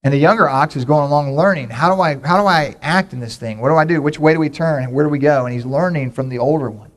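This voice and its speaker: A middle-aged man delivers a sermon to his congregation with a slightly raised pitch. His delivery is folksy and conversational, built around everyday stories and props. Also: fast talker. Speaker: pastor.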